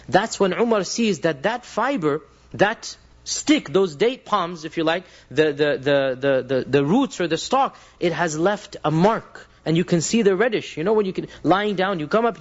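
A man giving a sermon to a gathered audience, telling stories, acting out quoted speakers and speaking directly to his listeners. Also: high voice. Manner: storytelling, acts out quoted voices, addresses audience directly. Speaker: preacher. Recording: dull lo-fi recording.

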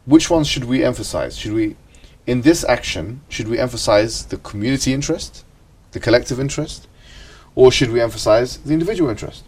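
A man's voice: mid-range voice, animated, brisk, a little mellow, slightly rough, far from the mic. A man teaching an ethics class, asking the students questions and often checking with "right?".

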